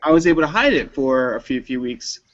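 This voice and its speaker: Male host, high lively voice, animated storyteller, dull lo-fi stream sound. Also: fairly quick. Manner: animated storyteller with loud impressions of parents. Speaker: panel host. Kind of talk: casual chat.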